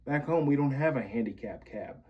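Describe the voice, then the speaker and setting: A man's voice: medium pitch, expressive, fairly quick. Vlogger, man from Pennsylvania, angry profane monologue, muffled lo-fi audio. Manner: bitter, profane ranting. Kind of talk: venting monologue to camera.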